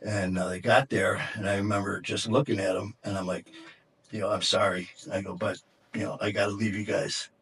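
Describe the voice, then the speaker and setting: A middle-aged man from Detroit, a podcast guest, telling a personal story in a candid, halting way with many fillers and restarts. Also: lowish voice, little pitch movement, fairly bright tone. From Detroit, USA.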